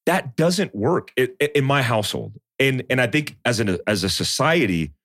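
Animated storytelling man, dry sound. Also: medium pitch, normal speed, dry recording. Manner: storytelling, animated, acts out quotes. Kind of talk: casual chat.

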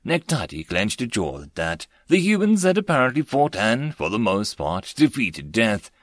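A man narrating a web-novel audiobook in an expressive storytelling manner, close to the mic. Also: on the low side, moderate pace, no echo.

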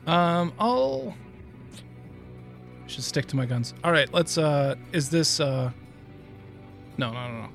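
Hesitant, wisecracking male guest, slightly high voice, soft music in the background. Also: animated, creaky. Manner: halting, joking. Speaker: guest guessing cards. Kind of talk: casual live-stream chat.

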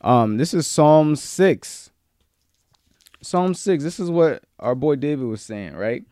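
A man preaching a sermon, moving between loud, emphatic peaks and quiet, low-key stretches, with casual slang mixed in. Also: animated, slow pace, no room sound, clean studio sound.

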